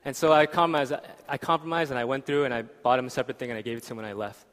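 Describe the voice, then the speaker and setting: A man's voice: medium pitch, fairly even intonation, rapid-fire, a bit bright. A young man preaching a sermon in a church, casual and conversational, often asking "right?". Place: church hall. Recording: reverberant church hall.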